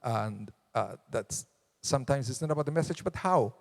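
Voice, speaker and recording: A male rabbi giving a conversational sermon, unhurried, sometimes acting out the voices of people in the text. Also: medium pitch, animated, gravelly. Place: synagogue sanctuary. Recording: long hall reverb.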